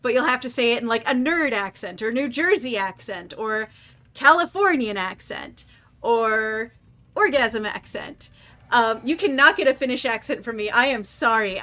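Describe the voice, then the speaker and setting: A woman's voice: fairly high pitch, animated, moderate pace, pushed and bright. A woman streamer chatting casually and rambling with jokes while playing a game. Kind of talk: casual gameplay commentary.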